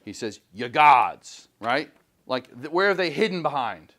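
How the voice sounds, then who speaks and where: A man's voice: on the high side, sing-song, moderate pace, a bit bright. Chatty male teacher leading a class. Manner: chatty, questioning, frequent "right?". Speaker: high school English teacher. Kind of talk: classroom lecture and discussion. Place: school classroom.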